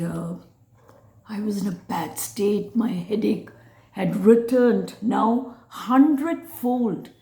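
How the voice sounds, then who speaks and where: Middle-aged woman, personal storyteller, slow and hushed, roomy sound. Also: on the high side. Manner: hushed, dropping at times to a whisper. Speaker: channel host telling her own story. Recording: roomy echo.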